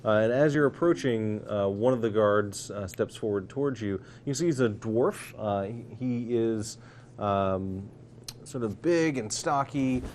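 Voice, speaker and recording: A man narrating as dungeon master at a live tabletop game, halting, with many fillers and some joking. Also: fairly low pitch, darkish tone, a little hiss or hum.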